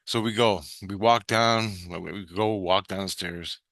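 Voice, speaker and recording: A man's voice: lowish voice, fairly even intonation, a little slow, fairly bright tone, no echo, studio quality. A man casually recounting a dreamlike experience, meandering with frequent restarts and offhand swearing. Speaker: vlogger recounting a spirit-world vision. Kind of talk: casual rambling storytelling.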